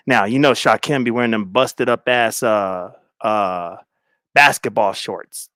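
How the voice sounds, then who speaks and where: A young man streaming, telling a story in a casual, animated way, repeating words and laughing loudly. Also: mid-range voice, a little slow, no room sound, clean studio sound.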